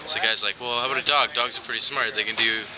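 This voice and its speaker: A man's voice: medium pitch, fairly even intonation, rapid-fire, highs cut off, a crowd in the background. A young man telling a long joke to friends in a rambling, casual way. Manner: rambling storyteller, lots of "he's like". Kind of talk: telling jokes among friends.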